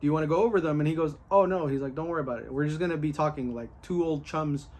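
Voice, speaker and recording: A man in a casual, excited recap of his day, candid, full of fillers and with the odd curse. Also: on the high side, racing. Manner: candid and excited, with many fillers and a bit of cursing.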